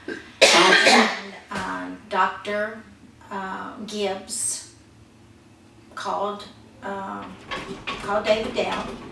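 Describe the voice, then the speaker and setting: A woman's voice: medium pitch, bright, forceful tone. An older woman telling her personal life story in a plain-spoken, heartfelt way. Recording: echoey room, voice from far off, faint noise.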